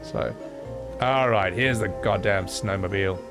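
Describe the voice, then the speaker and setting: A man's voice: mid-range voice, animated, moderate pace, over music. A man streaming a game, rambling in casual commentary and swearing freely.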